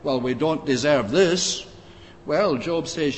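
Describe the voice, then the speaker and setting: Man preaching in a reverberant hall. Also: on the high side. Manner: measured, frequent "uh" pauses, reads scripture in old-fashioned wording. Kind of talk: expository sermon. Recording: long reverb, faint background noise.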